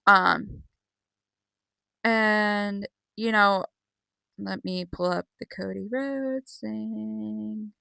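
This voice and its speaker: A girl rambling through an excited, sweary recap vlog with many fillers. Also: medium pitch, extremely slow, gravelly, long pauses, no room sound. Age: young. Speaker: vlogger.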